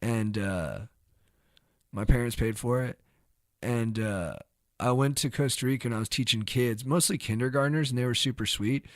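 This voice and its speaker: A young man, a podcast co-host, telling a casual story in an animated way, sometimes shouting when acting out the scene. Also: mid-range voice, moderate pace, no room sound, studio quality. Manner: animated, bursts into shouted reenactments.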